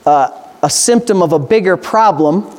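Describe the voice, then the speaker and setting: High-voiced man preaching emphatically. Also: animated, moderate pace, darkish tone. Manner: emphatic preaching with rhetorical questions and Scripture reading. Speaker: pastor. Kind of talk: sermon.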